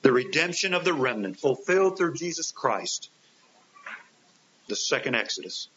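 A man's voice: mid-range voice, big pitch swings, moderate pace, pushed and bright. A man preaching a sermon, earnest, with rising and falling emphasis and rhetorical questions to his listeners. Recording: dull hissy lo-fi recording.

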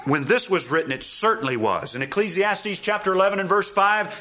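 A man preaching a sermon, animated and emphatic, asking rhetorical questions and repeating key phrases. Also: high voice, a little fast, few pauses. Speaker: pastor.

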